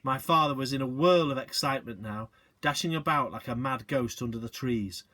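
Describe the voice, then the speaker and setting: A male teacher reading a children's book aloud, expressive, with short asides to the listeners. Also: mid-range voice, brisk.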